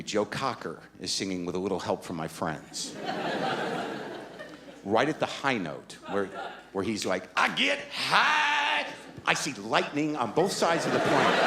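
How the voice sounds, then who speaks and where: A man's voice: fairly low pitch, heavy background noise. A middle-aged man performing stand-up comedy, telling a story in a rambling, anxious and emphatic way. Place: comedy stage.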